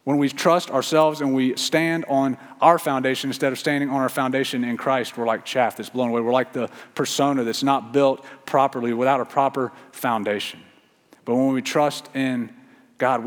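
Male pastor, mid-pitched, earnest sermon delivery, repeats for emphasis, long hall reverb.

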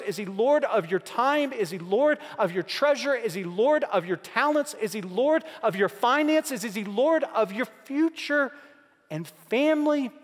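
A man preaching a sermon, building through repeated rhetorical questions and slow, emphatic pauses. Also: very high-pitched. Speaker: pastor. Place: church sanctuary. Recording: long hall reverb.

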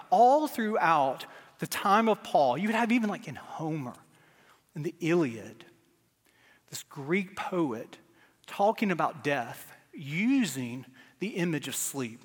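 A man preaching a sermon as pastor, earnest, moving between loud emphasis and hushed softness. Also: sits high, big-room sound.

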